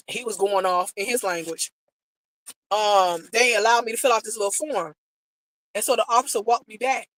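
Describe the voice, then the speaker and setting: An adult, married American woman vlogs to her viewers, recounting a personal travel story casually and emotionally while acting out what people said. Her voice sits a little high, and the recording is dry and low in quality.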